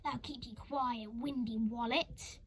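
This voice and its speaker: A woman's voice: a little high, fairly even intonation, slow, breathy edge. A woman reading a storybook voices a cruel, warty old woman who runs an orphanage, sniggering and barking insults. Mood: gleefully cruel.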